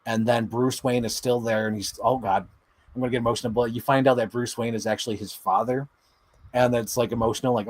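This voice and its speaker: A man's voice: medium pitch, fairly even intonation, quick pace. A man co-hosting a podcast, rambling enthusiastically about shows with lots of filler words. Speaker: podcast co-host. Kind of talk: casual chat.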